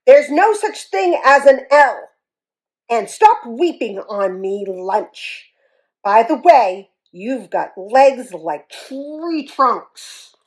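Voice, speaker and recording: A woman's voice: a little high, big pitch swings, takes it slowly, rough recording. A woman voicing a blustering, taunting male elephant bully in a children's story.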